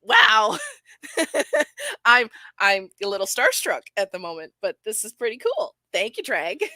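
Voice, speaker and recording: A woman chats on a live stream in a rambling, giggly way, full of fillers and asides. Her voice is bright and crisp. The sound is dry, with no room around it. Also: mid-range voice, wildly swooping pitch, normal speed, dry recording. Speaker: streamer reviewing videos. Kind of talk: casual live-stream commentary.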